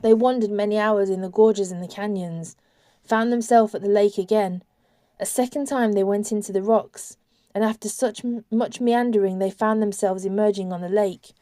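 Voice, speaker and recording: A woman narrating an audiobook in a measured, steady storytelling voice, recorded close on a studio mic. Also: medium pitch, dry recording.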